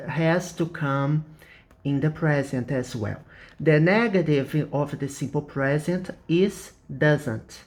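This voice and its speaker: A Brazilian man, a native Portuguese speaker, teaches an English grammar lesson deliberately, frequently checking in with "okay?". His voice is a little high.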